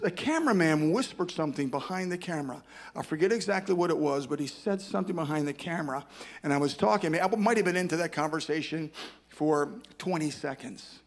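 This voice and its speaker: An older man speaking at a conference, telling a personal story as a sermon, rambling and self-deprecating with many restarts. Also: a little high.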